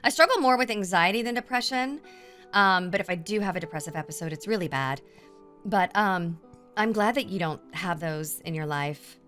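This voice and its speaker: A woman's voice: fairly low pitch, animated, normal speed, a bit bright, faint music behind. A woman hosting a casual livestream chat, candid and sweary. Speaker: streamer host.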